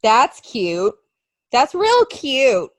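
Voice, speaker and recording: Young female co-host, high and sarcastic, mock-outraged, dry close mic. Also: huge pitch swings, very slow, no room sound. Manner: mock-angry, sarcastic, swearing. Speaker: podcast co-host. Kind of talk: casual chat.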